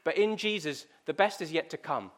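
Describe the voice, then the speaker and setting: High-voiced preacher. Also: male voice, normal speed. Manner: conversational storytelling, lively and direct. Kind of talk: sermon.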